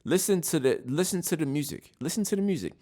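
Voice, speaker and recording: A fast-talking podcast host with a warm, expressive, somewhat high voice works through his opinions on a casual solo show. He restarts often and leans on "right?" again and again.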